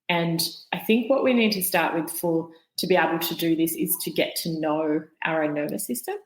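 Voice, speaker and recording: A woman guest expert explaining the nervous system in calm, patient interview talk. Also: fairly low pitch, roomy sound, rough recording. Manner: calm, explanatory, demonstrates voices.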